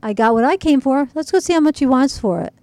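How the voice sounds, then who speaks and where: A woman's voice: high-pitched, lively intonation, fast, warm tone, dry recording, pitched above the performer's own voice. Woman doing a cheerful treasure-hunting dad. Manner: hearty and upbeat. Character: cheerful dad who loves junk treasure.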